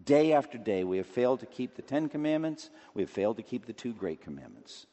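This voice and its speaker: A man preaching a sermon with emphatic delivery, rising to loud declamation and dropping low again. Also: big pitch swings, a little fast. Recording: long reverb of a large hall.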